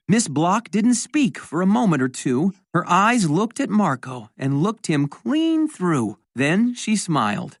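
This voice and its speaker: A woman's voice: fairly low pitch, sing-song, takes it slowly, few pauses, dry recording, studio quality. A woman reading a rhyming children's book aloud in a sing-song way, lightly voicing the characters. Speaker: storybook reader. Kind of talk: children's read-aloud narration.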